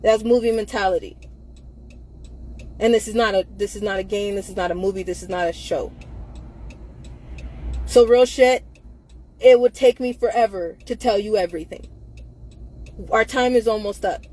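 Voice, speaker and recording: A woman's voice: medium pitch, normal speed, pauses often, a little mellow. A tired young woman speaking bluntly and defiantly to her phone camera in a vlog, repeating herself for emphasis. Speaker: social media activist. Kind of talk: direct-to-camera vlog rant. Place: in a car.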